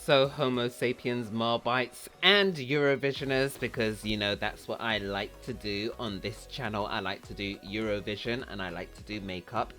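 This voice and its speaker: A man's voice: fairly low pitch, moderate pace, few pauses, sharp tone, faint music behind. A man hosting a casual cooking vlog, chatty and rambling, who repeats words for fun. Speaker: cooking channel host.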